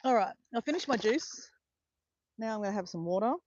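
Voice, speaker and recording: A woman's voice: fairly high pitch, brisk, dry recording, muffled recording. Chatty Australian woman live-streaming. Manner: chatty, addresses viewers by name, bursts of excited cheering. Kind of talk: chatty livestream talk to viewers.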